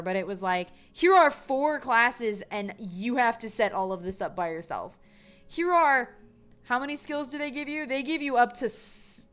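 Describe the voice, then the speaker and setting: A young game dev streamer talks casually with her chat as she builds a game live, frequently correcting herself and lighting up with sudden bursts of excitement. Her voice is medium-pitched and clean.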